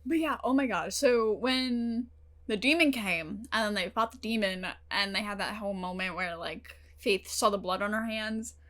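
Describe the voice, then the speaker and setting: A young reaction-channel host chats casually and emotionally to the camera about a TV episode, her speech animated and full of fillers plus the odd curse. She has a medium-pitched voice and talks at a normal speed.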